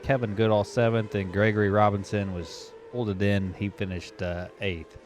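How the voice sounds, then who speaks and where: A man with a fairly low voice calls an online race he is driving in, chatting casually and lifting with excitement when the action heats up. There's a clear hum of noise under his voice. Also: moderate pace. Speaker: sim racing commentator and driver.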